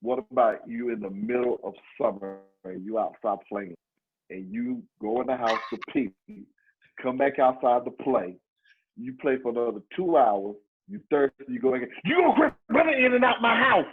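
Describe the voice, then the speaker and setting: A man joining a podcast chat, lively and joking. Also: medium pitch, normal speed, narrow, tinny audio. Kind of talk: casual chat.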